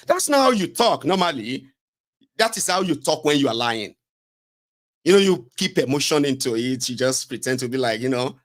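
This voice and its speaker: Brief: a Nigerian man talking politics in a casual, sarcastic way, with a mid-pitched voice that swoops a lot. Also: moderate pace. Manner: animated, sarcastic, rambling. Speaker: commentator.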